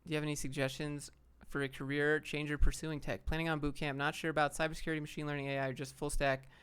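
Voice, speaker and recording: Young guy streamer, slangy and blunt, slightly high, smooth clear voice. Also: level tone, fast talker, fairly bright tone. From Atlanta, Georgia, US. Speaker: streamer answering chat questions. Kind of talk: casual livestream Q&A.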